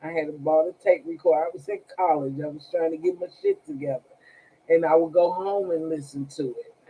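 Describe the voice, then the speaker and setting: A woman's voice: sits low, a little fast, dark tone, slight background noise, rough recording. A woman hosting a tarot live stream, telling stories casually with a sarcastic, profane manner and frequent laughter. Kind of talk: casual storytelling to viewers.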